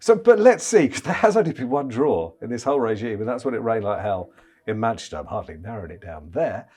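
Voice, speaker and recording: A man's voice: on the low side, very animated, quick pace, darkish tone. A man, a chief cricket correspondent, chatting casually on a podcast, with frequent stammering restarts.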